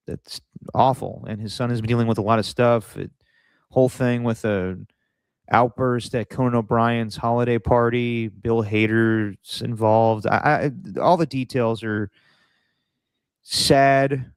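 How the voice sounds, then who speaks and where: Smooth-voiced man chatting casually. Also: medium pitch, a little slow, no echo. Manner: rambling, anecdotal, lots of fillers. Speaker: podcast co-host. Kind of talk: casual sports podcast chat.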